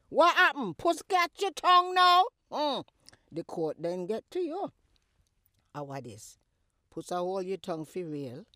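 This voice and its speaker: A woman playing a mother in a comedy skit who scolds and teases her daughter in a loud Jamaican accent, with a lively voice. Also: mid-range voice, no echo, clean studio sound.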